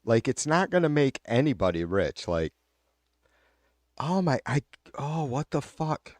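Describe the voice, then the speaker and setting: A man's voice: medium pitch, big pitch swings, measured pace, no echo, clean studio sound. A man hosting a live stream, reading viewer comments and ranting bluntly about politics with a lot of swearing. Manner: blunt, heated, swears often. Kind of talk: casual profane political rant.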